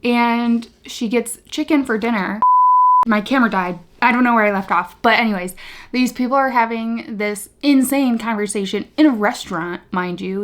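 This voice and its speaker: A woman, reviewing a book in casual vlog chat, sarcastic and exasperated, laughing as she rants. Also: a little high. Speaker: book vlogger.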